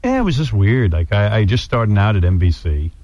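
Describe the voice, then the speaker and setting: A man hosting a radio talk show, telling a story in a wry, animated way. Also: lowish voice, a little fast, dry recording, dull audio. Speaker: radio host. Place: radio studio.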